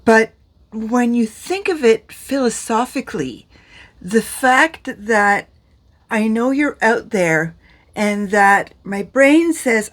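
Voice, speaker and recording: Slow, rambling woman vlogger in pain. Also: a little high, animated. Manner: rambling and self-deprecating, laughs often. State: in pain, tired. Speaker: beauty vlogger. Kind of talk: chatty makeup vlog monologue.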